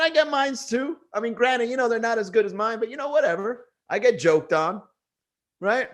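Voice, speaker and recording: A man, a comedian hosting his own daily livestream, chatting casually with viewers and ranting in an animated, jokey way. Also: very high-pitched, brisk. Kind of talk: casual livestream chat giving viewer shout-outs.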